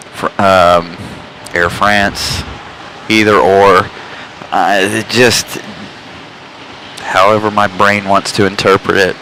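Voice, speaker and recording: A man's voice: on the low side, pushed and bright, a little hiss or hum, low-quality recording. Jokey Southern man streaming outdoors. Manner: jokey, laughs often, self-mocking. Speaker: live-stream host plane spotting. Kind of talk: casual live-stream chat reading comments. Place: outdoors on top of a parking garage.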